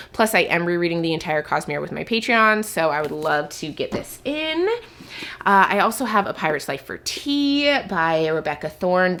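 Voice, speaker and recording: Young woman, casual book vlog, sick with a cough, rambles and thinks aloud, middle-pitch voice. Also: a bit bright. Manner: chatty, thinking aloud, lots of "like" fillers. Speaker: book vlogger. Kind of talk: casual chat to camera.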